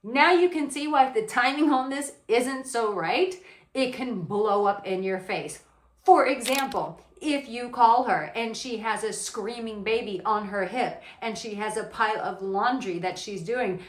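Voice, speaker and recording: Blunt, animated woman dating coach. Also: mid-range voice, moderate pace. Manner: blunt, animated, swears casually. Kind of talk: casual advice to camera. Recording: roomy echo.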